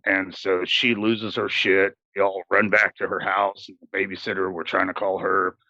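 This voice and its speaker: A man with a low voice and a bright, forceful tone talks through a film plot in loose, rambling chat, full of fillers and curses. The sound is dry and a little muffled, like a lo-fi podcast mic. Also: level tone, normal speed, no echo. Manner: rambling recap with fillers and swearing. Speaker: podcast co-host. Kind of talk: casual film review chat.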